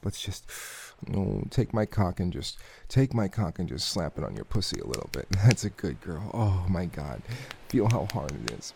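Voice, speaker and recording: A man doing intimate audio role-play, murmuring softly with frequent hums and sighs. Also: low voice, creaky, slightly rough.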